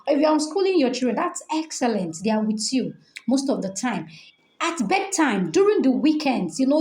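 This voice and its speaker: A woman's voice: on the high side, mellow. A middle-aged woman with a Nigerian accent, coaching parents on teaching reading, repeating key points and checking in with "okay?". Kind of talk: online training session. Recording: echoey room.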